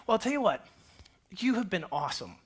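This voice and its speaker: Man acting out a scheming estate manager, smooth-talking, flattering, chummy, high-pitched. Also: fairly quick, exaggerated voice. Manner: chummy, flattering, breezy salesman patter.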